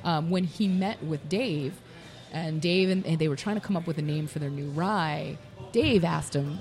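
A woman, a guest on the show, telling an animated story about her brand in a casual interview, recorded in a bar. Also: deep voice, normal speed. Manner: animated storyteller who acts out dialogue. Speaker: whiskey brand representative, guest. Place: busy bar. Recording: bar with faint background music.

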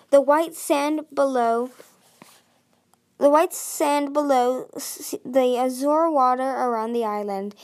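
A woman's voice: fairly high pitch, a little mellow. A woman reading a fantasy novel aloud as an amateur narrator, stumbling and restarting words now and then and lifting her voice for the dialogue. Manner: reads with frequent slips and restarts. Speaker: audiobook reader.

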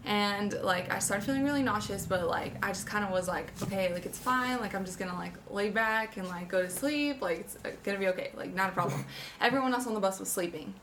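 Young woman, bright crisp tone, rambling casual storyteller. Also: mid-range voice, quick pace, a little hiss or hum. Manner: chatty, many "like" fillers.

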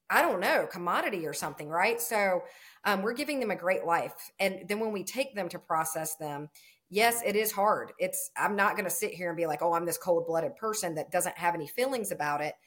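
A woman's voice: medium pitch, a bit bright. A woman farmer in casual conversation, telling stories in a chatty way and acting out the quoted exchanges.

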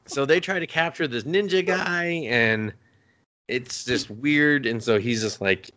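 A man co-hosting a podcast, recapping a show in casual chat, swearing a lot and rambling with animated asides. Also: medium pitch, unhurried. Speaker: podcast co-host.

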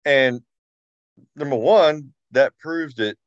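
A man's voice: on the high side, slow, clear, resonant tone, dry recording. Emphatic man in a group chat. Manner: emphatic, repeats himself, says y'all. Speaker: study group member. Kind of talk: casual group discussion. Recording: dry, dull sound.

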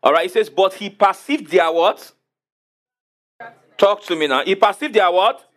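A male pastor, preaching emphatically, asking the congregation questions and repeating key words slowly. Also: sits high, lively intonation, a bit bright. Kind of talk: sermon.

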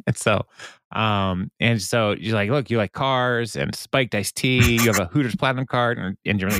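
A man hosting a podcast, recapping an episode in casual chat, laughing often and quoting characters in quick bits. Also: on the low side, a bit bright, no room sound.

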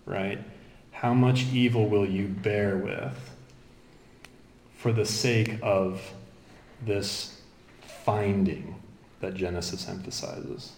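A man with a fairly low voice preaches an expository sermon. He moves from quick asides to slow, stressed readings of scripture. His voice rings around an echoey room. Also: a little hiss or hum. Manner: expository, animated, quotes scripture.

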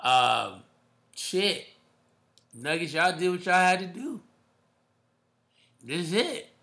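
Male host, slightly high bright voice, slangy emphatic sports chatter. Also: big pitch swings, slow. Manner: emphatic, slangy, calls listeners bro. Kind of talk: casual sports talk.

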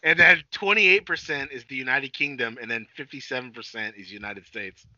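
A man's voice: mid-range voice, fairly quick, bright, forceful tone, no echo. A man co-hosting a podcast in casual, profane banter. He jokes a lot and often trails off mid-sentence. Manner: profane, joking, trails off and restarts. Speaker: podcast co-host. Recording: dull lo-fi dry sound.

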